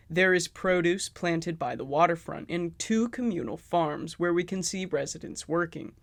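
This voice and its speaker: Sarcastic high-voiced male critic. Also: no echo. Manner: sarcastic, profane, exasperated. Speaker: video essayist. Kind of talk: critical game commentary.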